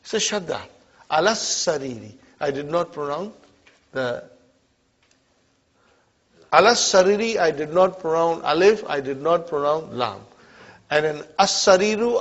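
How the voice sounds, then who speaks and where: A man teaching Arabic to a class, drilling call-and-response phrases and often checking that students are following. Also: on the high side. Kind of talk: classroom lesson. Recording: muffled lo-fi classroom recording.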